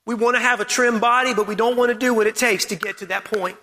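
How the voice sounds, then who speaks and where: A man's voice: very high voice, steady tone, fast, pushed and bright, big-room sound. A man preaching a sermon, emphatic and repetitive, who fires off strings of rhetorical questions.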